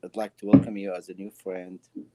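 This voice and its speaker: A man's voice: low-pitched, little pitch movement, fairly quick, a crowd in the background. A man joining a live stream as a guest, friendly and joking with hesitant fillers. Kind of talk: casual chat on a live stream.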